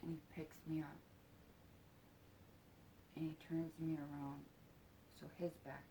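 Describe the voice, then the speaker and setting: A woman telling a personal story in a halting, soft-spoken way, with casual swearing. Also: deep voice, little pitch movement, a little hiss or hum.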